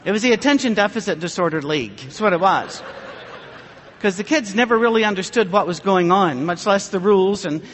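A man's voice: sits high, expressive, fairly quick, fairly bright tone, big-room sound, slight background noise. A man preaching a sermon, telling funny anecdotes with dry, self-mocking humor.

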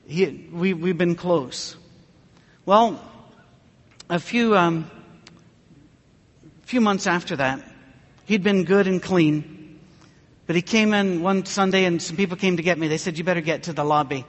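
A man with a high-pitched voice preaches in an earnest, conversational storytelling way, pausing as the story turns emotional. His voice trails off into the long reverb of a church sanctuary. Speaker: pastor. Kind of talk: sermon storytelling.

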